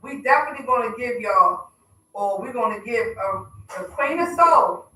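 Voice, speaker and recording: A woman with a high, bright voice hosts a casual hip hop radio show. She talks loud and teases her co-hosts with a laugh. Her voice rings in an echoey room, a little off the mic. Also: lively intonation, moderate pace, far from the mic. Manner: loud, laughing, playful teasing.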